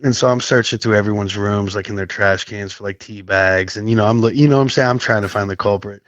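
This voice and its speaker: A man from Nashville, Tennessee, guest on a recovery podcast, telling a long story in a rambling way, with many fillers and frequent throat clearing. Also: lowish voice, fast, a bit bright, no room sound, muffled recording. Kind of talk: casual storytelling chat.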